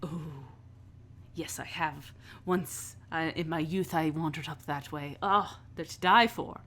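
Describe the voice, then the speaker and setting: A woman's voice: low-pitched, measured pace, a bit bright, slight background noise. A woman voicing a brash, eccentric female boss with a grand, theatrical manner in a tabletop game. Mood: gushing.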